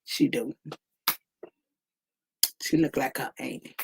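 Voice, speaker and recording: A young woman hosts a casual livestream, teasing her viewers with an unhurried, drawn-out delivery. She laughs often and stretches her exclamations. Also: a bass voice, vocal fry, a little mellow, breathy edge. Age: 20s. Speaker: livestream host.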